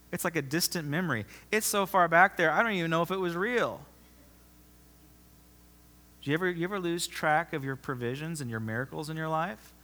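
A man preaching a sermon as pastor, emphatic, often repeating himself and swinging from loud to soft. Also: on the high side. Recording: long reverb of a large hall.

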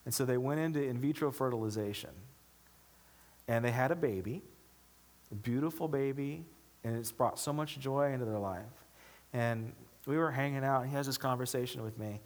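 A man preaching a sermon as a pastor, talking in a conversational way and building to animated, emphatic stretches. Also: medium pitch, moderate pace.

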